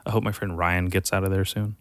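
A man's voice: low-pitched, flat delivery, fast, dry recording, clean studio sound. A young man hosting a podcast, rambling and ranting in a casual monologue, swearing constantly and sounding exasperated. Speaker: podcast host.

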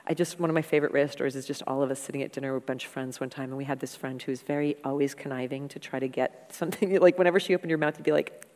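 A woman guest in an interview, telling stories in a frank, animated, conversational way and swearing freely. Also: extremely low pitch, rapid-fire. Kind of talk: candid conversational storytelling. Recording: long hall reverb.

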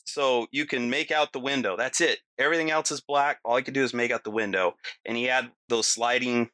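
A middle-aged man telling a personal story in a casual, animated way, full of "like" and "you know". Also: mid-range voice, a little fast, dry recording.

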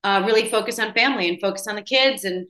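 A woman hosting a casual entertainment chat, talking in a chatty, gushing way with quick asides. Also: mid-range voice, fairly bright tone, echoey room, rough recording. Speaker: entertainment host.

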